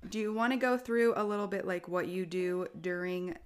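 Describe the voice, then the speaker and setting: A young woman with a fairly low voice chats casually about parenting. She rambles warmly through stories and jumps up in pitch when she quotes herself or her toddler. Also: moderate pace, clear, resonant tone. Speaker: podcast co-host.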